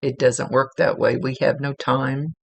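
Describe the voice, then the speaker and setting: A woman's voice: very deep voice, steady tone, a little slow, creaky, no echo, dull audio. A woman working as a psychic medium, giving a spirit reading in an earnest, chatty way and repeating words for emphasis. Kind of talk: spirit reading, relaying messages.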